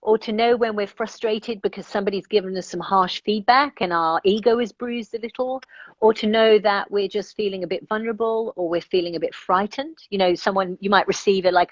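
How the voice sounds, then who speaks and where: A woman life coach is an interview guest, speaking earnestly and reflectively in a medium-pitched voice as she thinks aloud and checks that the listener follows. The audio is dull, with no room sound.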